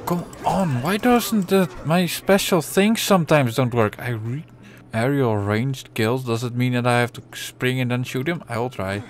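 Slow-talking, exasperated swearing gamer man. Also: mid-range voice. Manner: exasperated, swears a lot, mutters to himself. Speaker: let's play gamer. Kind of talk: live gameplay commentary.

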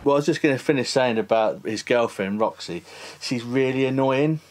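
A man's voice: mid-range voice, normal speed, crowd noise. A man hosting a casual film podcast, chatty and laughing often. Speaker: podcast host.

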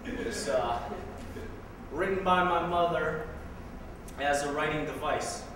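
A man's voice: a little high, slow. Guy doing spoken word poetry live, wry and pointed, echoey hall from far away, faint hiss. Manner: wry, pointed, with sarcastic asides. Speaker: poet. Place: live performance room.

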